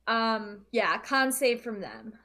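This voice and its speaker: Lively, playful woman player. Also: fairly high pitch, slow pace, a little hiss or hum. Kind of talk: casual game chat.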